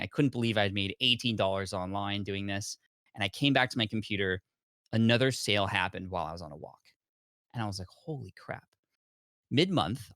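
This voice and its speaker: Lively low-voiced man telling his story. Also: no room sound, clean studio sound. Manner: animated storyteller acting out his past self. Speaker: podcast guest. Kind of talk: storytelling in conversation.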